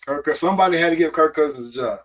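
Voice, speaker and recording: A man co-hosting a casual sports podcast, his voice sitting a bit higher than most men's. He talks bluntly in loose slang and often mocks what he is talking about. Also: fast, poor audio. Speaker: podcast co-host.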